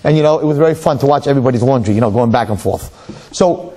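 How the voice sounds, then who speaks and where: A middle-aged man, a rabbi, delivering a sermon with stories in an emphatic, animated preaching manner. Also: medium pitch, very fast, husky. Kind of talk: sermon with storytelling.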